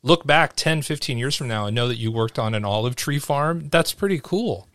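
A man's voice: mid-range voice, animated, moderate pace, fairly bright tone, dry recording, clean studio sound. Chatty male podcast host. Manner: curious, chatty, filler-heavy questions. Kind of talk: casual interview chat.

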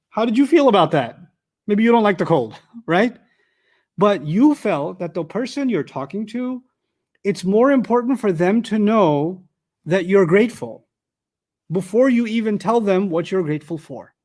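A man teaching a Quran commentary class to a live audience, explaining grammar with everyday examples in a conversational, animated way. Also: high voice. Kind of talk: classroom tafsir lecture.

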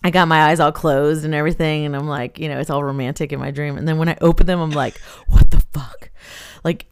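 Low-ish voiced woman cohost, chatty, laughs a ton, animated storytelling. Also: fast, noisy background. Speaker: podcast co-host. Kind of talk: casual chat.

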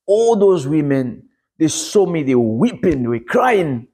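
A man's voice: sing-song, a little slow, mellow, husky. A man from Congo, preaching and telling his testimony in an earnest storytelling manner. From Democratic Republic of Congo. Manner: earnest storytelling, rising pitch at dramatic moments. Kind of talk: sermon testimony.

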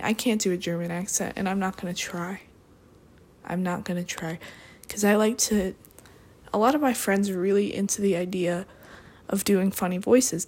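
Young adult woman, mid-pitched, deadpan rambler with dry throwaway asides. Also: husky. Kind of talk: rambling solo monologue.

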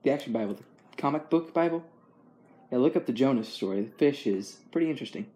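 A man's voice: mid-range voice, animated, fast, dark tone. A young man chatting casually as host, easygoing and rambling, with frequent chuckles. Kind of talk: casual chat.

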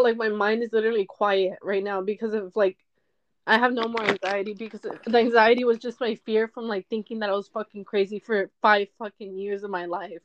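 A woman's voice: medium pitch, highs cut off. A young woman podcaster telling a personal story in a candid, emotional monologue, often tearful and swearing.

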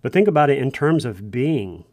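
A man's voice: medium pitch, very animated, moderate pace, darkish tone, no echo, studio quality. A man, likely in his thirties, telling a folksy personal story to first responders in an earnest, conversational way, with frequent restarts. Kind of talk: casual storytelling monologue.

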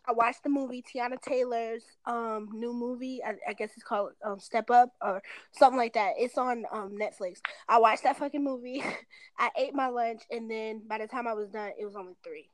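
A woman's voice: a little high, a little hiss or hum. A woman in her twenties talking on a phone call in a rambling, casual way, swearing often and filling with "like". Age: 20s.

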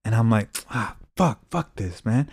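A man's voice: on the low side, expressive, unhurried, a little mellow, slightly rough, no room sound, clean studio sound. A young man casually telling drunken stories on a podcast, swearing freely and laughing as he goes. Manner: profane, laid-back storytelling with laughs. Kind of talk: casual storytelling chat.

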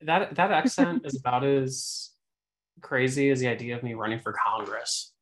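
A man's voice: medium pitch, moderate pace, low-quality recording. A man co-hosting a podcast in casual chat, joking and often restarting his sentences.

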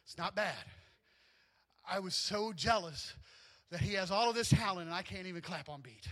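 A man with a high, bright voice preaching a sermon. He tells personal stories with lively, animated energy and often climbs almost to a shout. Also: moderate pace. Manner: animated storytelling, often rising to near shouts, with laughs. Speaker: pastor.

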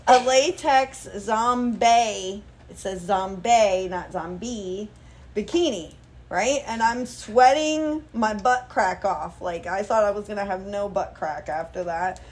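A woman in her thirties, a guest model chatting casually, telling lively stories with swearing and acted-out quotes. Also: mid-range voice, slow. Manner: animated storyteller, swearing, acting out quotes. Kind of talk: casual chat.

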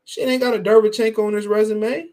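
Man, high voice, podcast host, profane, emphatic, repeats himself. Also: little pitch movement, fast talker, a little mellow. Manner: profane, heated, emphatic and repetitive. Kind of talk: casual commentary with live chat.

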